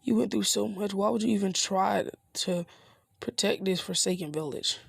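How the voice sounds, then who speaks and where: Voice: mid-range voice, normal speed, vocal fry, slightly rough, no room sound, studio quality. A narrator voicing a shy, timid girl ninja with a hesitant, stammering manner.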